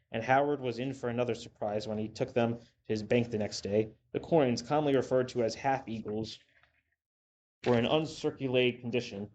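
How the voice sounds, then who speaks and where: A man reading a story aloud in a steady, measured narration. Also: mid-range voice. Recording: dull lo-fi with faint hiss.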